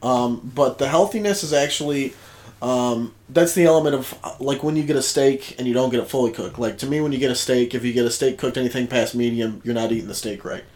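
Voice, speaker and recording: A man's voice: mid-range voice, fast, darkish tone. A man co-hosting a casual podcast, talking in a laid-back, joking way. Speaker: podcast co-host. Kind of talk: casual chat.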